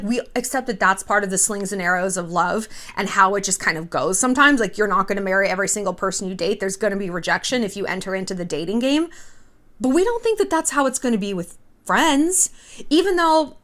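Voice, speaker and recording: A woman's voice: medium pitch, a bit bright. A woman hosting a vlog, with candid, chatty commentary laced with profanity. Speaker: vlog host. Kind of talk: casual commentary.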